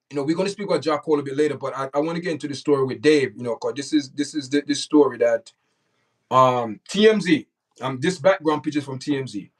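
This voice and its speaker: A man's voice: medium pitch, distant mic, rough recording. Man hosting a livestream, off-mic. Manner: repetitive, talks straight to the chat. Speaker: livestream host. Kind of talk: casual livestream commentary.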